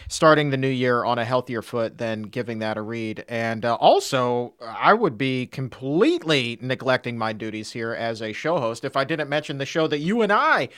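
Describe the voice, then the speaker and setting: A man's voice: medium pitch, a bit bright, dry recording, clean studio sound. An American man hosting a podcast interview, playful and upbeat with jokey asides. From United States. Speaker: podcast host. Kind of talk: casual interview chat.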